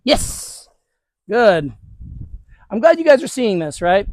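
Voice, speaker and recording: Very animated yet taking it slowly, a man with a notably high voice guides viewers through a dog training session in a relaxed, encouraging manner. It's a hands-on demonstration. The outdoor recording is close and dry, free of room echo.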